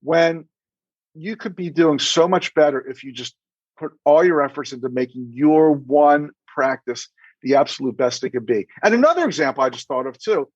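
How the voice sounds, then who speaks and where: A man's voice: fairly high pitch, lively intonation, moderate pace, breathy edge, no room sound. A man, a dentist guest on a business radio interview, explaining things emphatically and with animation. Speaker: dentist and practice consultant, guest. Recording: dry, slightly dull radio audio.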